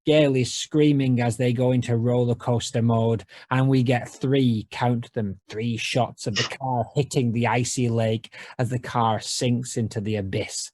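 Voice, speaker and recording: A man co-hosting a podcast, wry and playful, reading out scene descriptions in a deadpan way. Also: medium pitch, a little slow, hardly any pauses, no room sound, studio quality. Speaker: podcast co-host.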